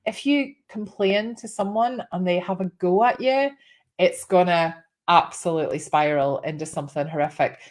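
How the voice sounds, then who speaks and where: A Scottish woman in her thirties giving casual side-hustle advice, chatty and animated, acting out the people in her stories. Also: on the low side, normal speed. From Scotland. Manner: chatty, animated storyteller, acts out quoted voices. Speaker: small business vlogger.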